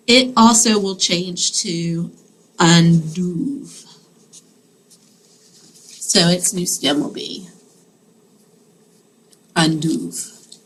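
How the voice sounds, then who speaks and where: A woman's voice: lowish voice, slight background noise, poor audio. A woman teaching a Spanish grammar lesson in a classroom, explaining patiently step by step and checking in with her students.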